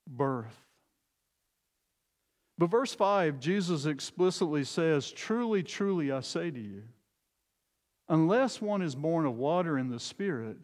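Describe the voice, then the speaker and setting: Emphatic male preacher in a reverberant hall. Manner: emphatic, slows and drops low on key phrases. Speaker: pastor. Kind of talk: sermon.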